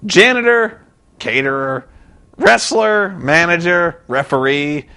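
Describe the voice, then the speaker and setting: A man rambling through a casual recap of a wrestling show, animated and loose, often breaking into shouted impressions. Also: on the high side, takes it slowly, clean tone.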